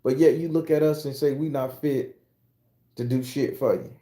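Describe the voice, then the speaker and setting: A man's voice: mid-range voice, steady tone, normal speed, dark tone. A man from the United States ranting bluntly and profanely in a casual monologue, working himself up as he goes. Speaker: commentator.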